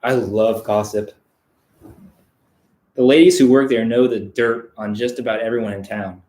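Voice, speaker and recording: A man giving a deadpan, mock-serious reading of a children's book on a live stream, breaking off for crude asides. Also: mid-range voice, normal speed, reverberant.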